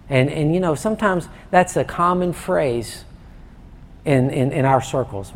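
A man preaching a sermon in a conversational way, often restarting and stammering, warming up as he goes. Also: mid-range voice, moderate pace. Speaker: pastor.

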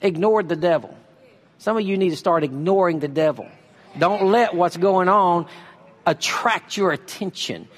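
A man preaching a sermon, reading scripture slowly and pressing his points with emphasis. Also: high-pitched, long reverb tail. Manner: emphatic preaching, reads scripture slowly, uses a volunteer for a demonstration. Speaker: pastor.

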